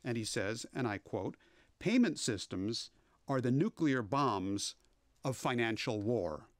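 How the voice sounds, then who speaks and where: A man presenting a political news briefing on a webcast, speaking in a measured, emphatic way with the odd filler. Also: mid-range voice, very animated, no room sound, studio quality.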